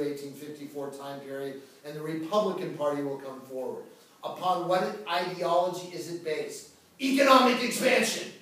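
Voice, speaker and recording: Man, history teacher, animated lecture, jokey, distant mic, very echoey room. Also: fairly high pitch. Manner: animated, dramatic, jokey asides. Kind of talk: classroom lecture.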